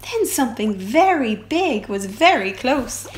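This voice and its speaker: A woman reads a children's picture book aloud for a library storytime. Her voice is high and very lively. She reads slowly and expressively, adding sound effects.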